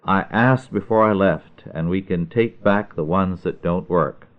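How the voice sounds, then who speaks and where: A man voicing a gruff, exasperated farmer father, heard over a narrow phone-like line. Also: sits low, measured pace. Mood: defensive. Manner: gruff, grumbling. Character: exasperated farmer dad, middle-aged man.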